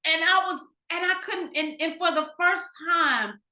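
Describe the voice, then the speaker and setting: A woman from Ohio, a podcast guest, telling a candid personal story in an animated way, restarting sentences and acting out what people said. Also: extremely high pitch, measured pace. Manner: animated, acts out quoted dialogue, frequent restarts. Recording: roomy echo.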